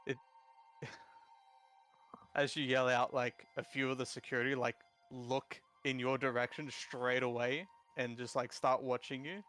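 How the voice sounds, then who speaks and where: A man's voice: medium pitch, flat delivery, a little slow, fairly bright tone, soft background music. A man narrating a tabletop game as dungeon master, rambling with many fillers.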